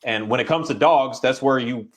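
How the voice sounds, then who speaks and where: A man who works as a dog trainer, talking in a casual, rambling and halting way, now and then voicing his dog's thoughts. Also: mid-range voice. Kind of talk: casual conversation.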